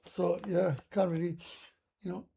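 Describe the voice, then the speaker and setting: A man's voice: high-pitched, flat delivery, measured pace, vocal fry, mellow, lo-fi sound, a little hiss or hum. A Welsh man from Wales doing a casual live stream chat, rambling and ranting with heavy swearing.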